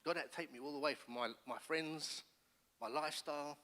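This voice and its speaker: A middle-aged man, a pastor, giving his testimony in church with earnest, animated storytelling. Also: fairly high pitch, fairly quick. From England. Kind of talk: personal testimony sermon. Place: church hall. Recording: long church hall reverb.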